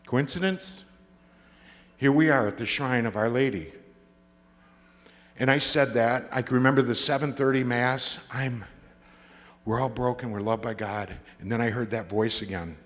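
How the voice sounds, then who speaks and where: A man's voice: mid-range voice, moderate pace, long pauses, fairly bright tone. A man giving a testimony talk, telling his story with comic timing and acting out the voices of the people he quotes. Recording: long reverb of a large hall.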